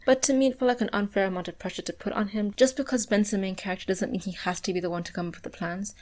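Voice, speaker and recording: A woman's voice: mid-range voice, a little mellow. A woman in her twenties giving sarcastic, wry scripted recap commentary on a cartoon. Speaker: video reviewer.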